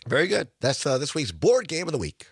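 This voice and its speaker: A man's voice: on the high side, huge pitch swings, brisk. A man hosting a local radio talk show, chatty and full of fillers, with a scratchy voice from being sick. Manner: chatty, with many fillers and restarts. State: hoarse from illness.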